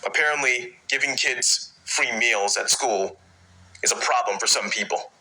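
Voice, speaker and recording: A man ranting in a frustrated, halting way, restarting his sentences again and again. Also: mid-range voice, pushed and bright, poor audio. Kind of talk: personal rant.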